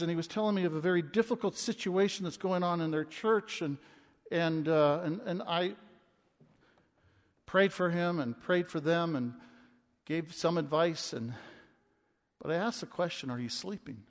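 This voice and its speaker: A man in his twenties preaching a sermon as a pastor, impassioned and swinging from loud to hushed. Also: high-pitched, normal speed. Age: 20s. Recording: long reverb of a large hall.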